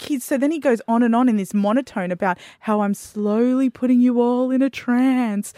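A young woman co-hosts a podcast in a casual chat, telling a story with dramatic flair and acting out her own panic. Her voice sits fairly high and sounds close and dry, with no room around it. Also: steady tone, fairly quick, hardly any pauses, dry recording. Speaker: podcast co-host.

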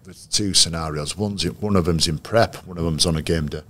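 In a slow-paced interview, a man speaking as a coach shares measured stories about his former players, frequently restarting sentences mid-thought. His voice is very low and deep, with a slightly bright edge.

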